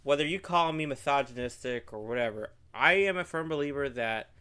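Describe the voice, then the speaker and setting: A man's voice: medium pitch, lively intonation, brisk, pushed and bright, clear, resonant tone. A man hosting a podcast, making his points earnestly and filling gaps with "you know". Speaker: podcast host. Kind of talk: casual podcast chat.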